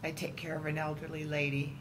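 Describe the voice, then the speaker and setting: A woman at a church round table, telling a story in a casual, animated way and acting out the voices in it. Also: deep voice, a little fast, background noise. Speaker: church member.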